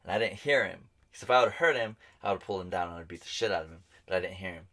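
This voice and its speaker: Talking very fast in a low-pitched voice, this New Mexico man co-hosts a podcast and recounts a bar fight casually. He's animated, curses freely, and performs the quotes of those involved.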